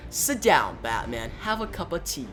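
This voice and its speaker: A shrill, gleeful villain hosting a mad tea party, put on by a man. He talks high and loud with theatrical relish, in a storybook reading. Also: big pitch swings, normal speed, soft background music.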